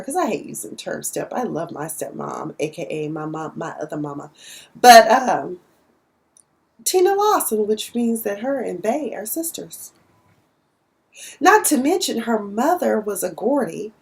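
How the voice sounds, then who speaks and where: A woman's voice: fairly high pitch, gravelly. A woman giving a chatty, sassy recap of a TV episode, acting out the characters' lines. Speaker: TV recap vlogger. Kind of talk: casual episode recap and commentary.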